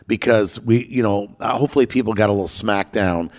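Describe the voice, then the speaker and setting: A man's voice: fairly low pitch, a little fast. A man co-hosting a podcast in casual chat, earnest and restarting his words when worked up. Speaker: podcast co-host. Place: at home in LA.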